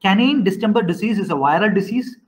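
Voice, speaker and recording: High-voiced man teaching online class. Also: animated, rough recording. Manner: questioning students, repeating himself, halting restarts.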